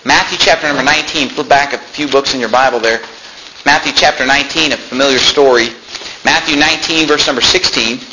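A man preaches a sermon in a mid-range voice at a fairly quick pace, on a low-quality recording with a little hiss or hum. He reads Bible verses aloud in King James wording and tells animated stories, acting out the voices of people he talked to.

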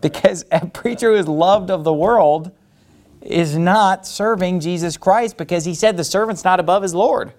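A man preaching a sermon with a fairly high voice. He delivers it in an animated, emphatic way, now and then growling through his teeth to act out anger. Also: normal speed. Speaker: pastor.

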